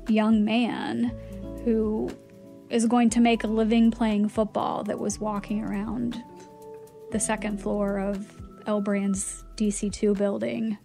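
A woman tells a personal story in a relaxed podcast chat, with a gravelly edge to her voice. She is animated and emotional, and her pitch leaps when she acts out what others said. Faint music plays underneath. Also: slow pace. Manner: animated, acts out quoted lines with big pitch jumps; emotional, cries easily. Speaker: guest telling her story.

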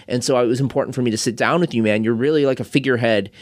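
A man's voice: mid-range voice, racing. A man hosting a casual podcast interview, speaking in a friendly way with hesitant restarts.

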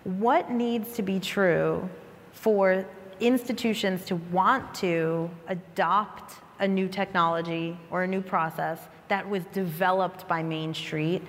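Measured woman moderating a panel. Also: on the low side, steady tone, long reverb tail, a little hiss or hum. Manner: measured, thoughtful questions with fillers. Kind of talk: panel discussion. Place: conference stage.

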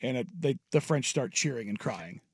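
A man's voice: mid-range voice, lively intonation, normal speed, creaky, a little mellow, breathy edge, no room sound. A man co-hosting a radio show, chatting casually with dry sarcasm and putting on voices when he retells things. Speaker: radio co-host. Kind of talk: casual sports radio chat.

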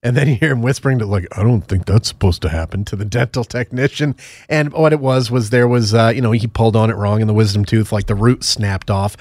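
A man's voice: medium pitch, fairly even intonation, quick pace, a little mellow, no echo. A man co-hosting a podcast, chatting casually and telling rambling, joking anecdotes. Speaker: podcast co-host. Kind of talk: casual chat.

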